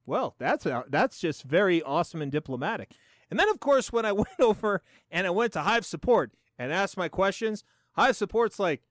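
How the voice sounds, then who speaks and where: Animated sarcastic man ranting, high voice. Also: fairly quick, no echo, clean studio sound. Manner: animated, sarcastic, swears a lot. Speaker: show host. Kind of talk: profane casual commentary.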